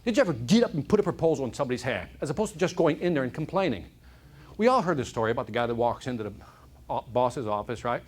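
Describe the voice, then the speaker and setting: Animated male motivational speaker. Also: medium pitch, fast. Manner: animated storyteller, asks the audience questions. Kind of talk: keynote speech to a live audience. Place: corporate event hall.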